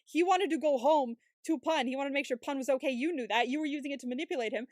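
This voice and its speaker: A woman's voice: high voice, quick pace, hardly any pauses, darkish tone, no room sound, clean studio sound. A woman co-hosting a podcast, chatting casually and animatedly about a series, swearing freely and acting out the characters. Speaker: podcast co-host. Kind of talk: casual recap chat.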